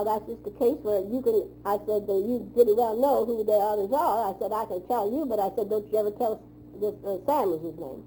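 Older woman, plain-spoken storyteller, rambling, mellow, warm tone. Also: on the high side, a little hiss or hum, poor audio. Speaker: oral history narrator. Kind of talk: recounting childhood memories.

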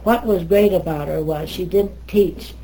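An older American woman telling stories in an interview, lively, wandering, and often correcting herself. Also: lowish voice, measured pace, slight background noise, low-quality recording. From United States. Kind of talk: oral history storytelling.

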